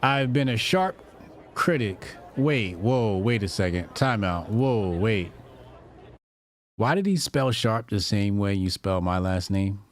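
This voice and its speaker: A man's voice: lowish voice, lively intonation, takes it slowly, slight background noise. A man hosting a live stream, chatting loosely in slang, reading posts aloud and reacting to them. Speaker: livestream host. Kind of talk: casual live commentary.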